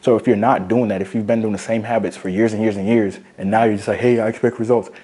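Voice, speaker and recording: Man, fitness coach rant, rapid delivery, dark husky voice, profane and emphatic. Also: on the low side, fairly even intonation. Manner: profane, emphatic, repeats points for stress. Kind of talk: blunt motivational rant to camera.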